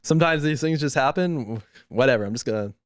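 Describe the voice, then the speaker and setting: A man's voice: mid-range voice, animated, fast talker, dry recording, clean studio sound, soft background music. A man co-hosting a podcast in casual chat, telling stories and acting out what people said. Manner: storytelling with lots of acted-out quotes. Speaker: podcast co-host.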